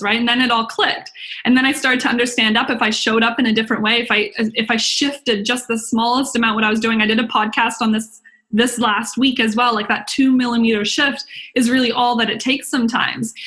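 Bright, chatty young woman coach. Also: on the high side. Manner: chatty, excitable, lots of "like" and acted-out inner voices. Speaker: business coach and podcast host. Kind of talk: webinar talk.

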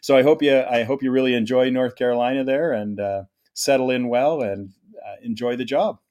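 A man's voice: medium pitch, fairly quick, darkish tone. A middle-aged man from Canada hosting a medical podcast, chatty and enthusiastic, often restarting his sentences. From Ontario, Canada. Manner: chatty, enthusiastic, self-correcting. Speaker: podcast host. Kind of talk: casual medical podcast chat.

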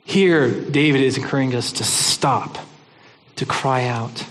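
A man's voice: medium pitch, a little slow, fairly bright tone, long reverb tail, a little hiss or hum. A man giving a sermon in an earnest, conversational way, often restarting his words. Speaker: pastor.

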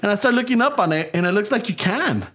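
Animated storytelling man, swearing freely. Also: high-pitched, fast. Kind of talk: casual chat, storytelling.

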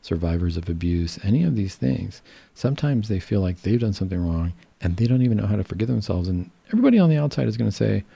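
A male psychiatrist giving a casual educational talk, calm and reassuring, explaining patiently with fillers and restarts. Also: on the low side, fast talker, vocal fry, husky, no room sound.

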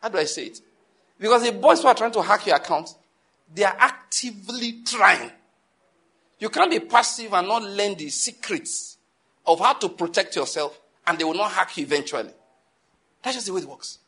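A man preaching a sermon, emphatic and repetitive, firing rhetorical questions and swinging between quiet and forceful delivery. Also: sits high, brisk, breathy edge. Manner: emphatic, repeats key phrases, asks the audience rhetorical questions; wide swings in loudness between calm and forceful.

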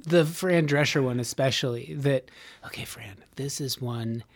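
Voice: mid-range voice, a little slow. A podcast host talking casually and at length, dropping into brief put-on voices to make points. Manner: rambling, acts out short voice snippets. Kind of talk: casual chat.

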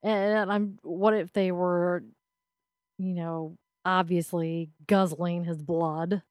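Lady cohost reading stories, kinda low voice, calm and a bit wry, dry mic. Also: slow pace, no room sound. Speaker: podcast co-host reading news stories. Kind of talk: casual chat and news reading.

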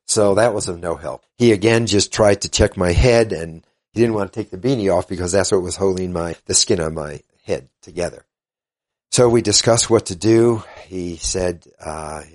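Deep-voiced older man telling a story. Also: darkish tone. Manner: earnest, halting, retells others' words in dialogue. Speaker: interview guest. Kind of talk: casual storytelling interview.

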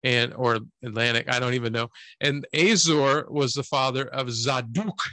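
Bright-voiced joking man. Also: medium pitch, normal speed, dry recording. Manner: joking, playful, mispronounces names. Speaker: podcast co-host. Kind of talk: casual chat.

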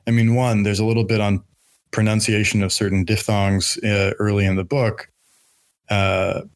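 A man with a fairly low voice hosts a casual book-club podcast. He talks with eager enthusiasm and works his thoughts out aloud, restarting phrases as he goes. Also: level tone, moderate pace. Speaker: podcast host.

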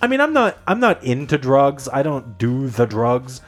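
A Canadian man with a Canadian accent, hosting a podcast and telling anecdotes in a laid-back, animated way. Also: medium pitch, moderate pace. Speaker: podcast host. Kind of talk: casual chat.

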